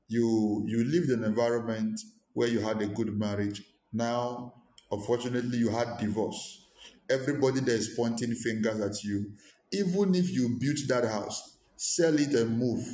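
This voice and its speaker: A man's voice: mid-range voice, warm tone, roomy sound. A man preaching a motivational sermon, who talks emphatically, repeats short commands and acts out the voices of his listeners.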